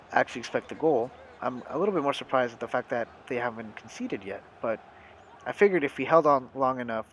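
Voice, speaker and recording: A young man talks over his gameplay in a relaxed, chatty way, addressing viewers directly as he goes. His voice sits at an ordinary middle pitch, recorded on a desk mic for a voice-over. A faint hum of ambience sits behind him. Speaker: gaming channel host. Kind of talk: casual let's-play commentary.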